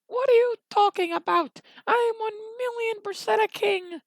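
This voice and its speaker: A young storyteller putting on a high, squeaky voice for a pompous, boastful lord who brags slowly about himself. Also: dry recording. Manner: drawn-out, self-important bragging. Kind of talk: improvised storytelling while drawing.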